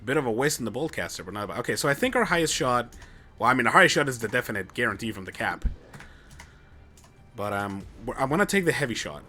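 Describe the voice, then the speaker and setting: A man's voice: medium pitch, big pitch swings, fast talker, sharp tone. A young man commentating his own gameplay on a live stream, chatty and joking as he thinks aloud. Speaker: game streamer.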